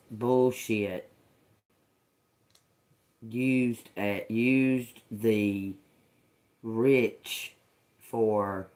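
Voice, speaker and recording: A man doing a tarot reading, slowly sounding out words and phrases and repeating them as he tries to make sense of the messages. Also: lowish voice, darkish tone. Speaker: tarot reader. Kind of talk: slow channeled reading.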